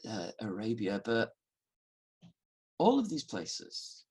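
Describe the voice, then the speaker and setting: A man's voice: lowish voice, wildly swooping pitch, slow pace, gravelly, a little mellow, slightly rough. A middle-aged man with a northern English accent, preaching a conversational sermon with wry asides. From Northern England.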